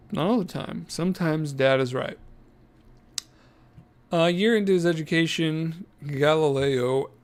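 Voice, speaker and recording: A man's voice: a little high, darkish tone. A man co-hosting a podcast, reading from his notes in a casual, joking way and laughing mid-sentence. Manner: jokey, self-deprecating, laughs mid-sentence. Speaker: podcast co-host.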